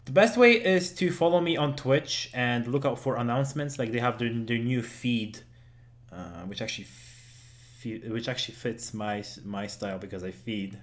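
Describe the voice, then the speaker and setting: A man's voice: mid-range voice, moderate pace, few pauses. A man, hosting a casual gaming podcast, joking, laughing often and swearing casually. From Germany. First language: German. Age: 20s. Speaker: podcast host and game streamer.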